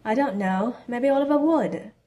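A woman's voice: fairly high pitch, normal speed, dark tone, lightly acted. Woman reader doing a flustered schoolboy; hesitant and evasive. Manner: hesitant, defensive. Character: awkward teenage boy wizard, flustered and evasive.

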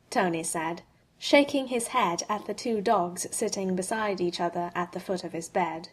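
Husky woman narrating a story. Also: lowish voice, moderate pace. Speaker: audiobook reader. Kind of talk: fanfic audiobook narration.

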